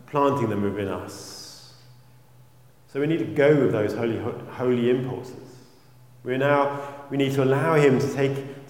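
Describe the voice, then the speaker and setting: A man preaching a sermon and leading prayer in a gentle, earnest way, often dropping very soft. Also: medium pitch. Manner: gentle, earnest, drops very soft on quoted phrases. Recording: roomy hall with long reverb.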